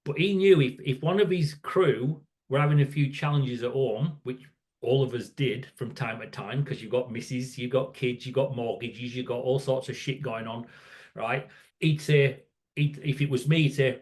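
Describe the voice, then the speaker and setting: Rambling and casual, a podcast guest in his sixties shares stories from his working life, often restarting and asking "right?" along the way. He has a medium-pitched, darkish voice and speaks at a moderate pace.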